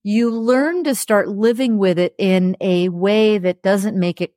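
A woman's voice: medium pitch, unhurried, warm tone, no room sound, clean studio sound. A woman speaking as an interview guest, telling a personal story in a frank, emotional way and laughing through hard memories. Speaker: interview guest, television producer. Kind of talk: candid conversational storytelling.

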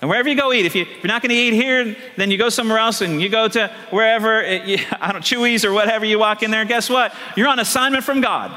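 Animated storytelling pastor in a reverberant hall. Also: male voice, high voice, brisk. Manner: animated, storytelling with lively acted quotes. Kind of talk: sermon.

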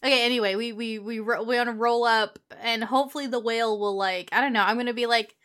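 A woman's voice: on the high side, fairly even intonation, fast talker, a bit bright. A woman playing a character in a tabletop game, chatting casually, rambling and laughing often. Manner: giggly, rambling. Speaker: player. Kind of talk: tabletop role-play chat.

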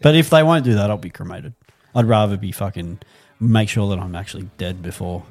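A man's voice: fairly low pitch, fairly quick, darkish tone, soft background music. A young Australian man co-hosting a podcast, chatting casually with lots of swearing and laughter. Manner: laid-back, swears a lot, laughs often. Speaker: podcast co-host. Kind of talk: casual chat.

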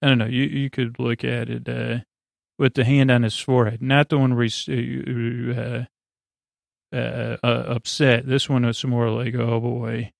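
A man hosting a sleep podcast, recapping a TV episode in a meandering, halting way with lots of filler sounds. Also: mid-range voice, level tone, gravelly, dry recording, studio quality. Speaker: podcast host.

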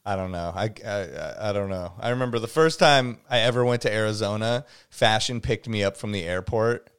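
A man hosting a podcast in casual chat, an animated storyteller who acts out quotes loudly and laughs often. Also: fairly low pitch, a little fast, clean tone. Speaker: podcast host.

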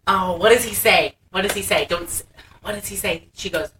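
A woman co-hosting a casual movie recap podcast, telling the plot in an animated, profane way with lots of laughing. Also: mid-range voice, fairly quick, far from the mic, low-quality recording. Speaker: podcast co-host.

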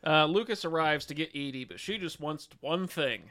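A man hosts a casual podcast, recapping a film's plot and tossing in dry asides. His voice is fairly high and a bit bright, and he speaks at a moderate pace.

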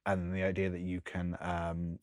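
A man's voice: low-pitched, monotone, moderate pace, no echo, studio quality. A man co-hosting a podcast, chatting casually and rambling through lists with plenty of ums and laughs. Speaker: podcast co-host. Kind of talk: casual chat.

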